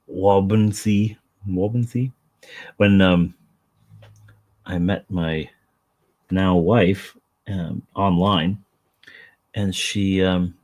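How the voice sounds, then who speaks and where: A man's voice: low voice, a little mellow. A man chatting casually on a live stream while he paints miniatures, rambling, self-deprecating and talking to his dog.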